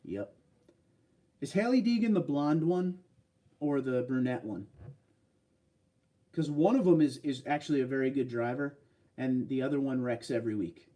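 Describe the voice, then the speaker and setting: A man's voice: mid-range voice, moderate pace, long pauses, warm tone, distant mic. A man hosting a casual livestream, chatting loosely and answering viewer comments. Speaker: livestream host. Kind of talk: casual live stream chat.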